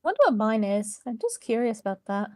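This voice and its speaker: A woman in a stream's voice chat, chatting casually with a giggly, hesitant manner. Her voice sits a touch high, and the sound is dry. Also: very animated, fast, darkish tone, no room sound. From Kent, southeast England. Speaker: viewer in voice chat.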